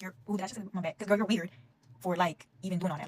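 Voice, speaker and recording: Fast-talking woman ranting through a story. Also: on the low side, steady tone, darkish tone, slight background noise. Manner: rapid, profane, exasperated storytelling. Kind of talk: casual storytime vlog.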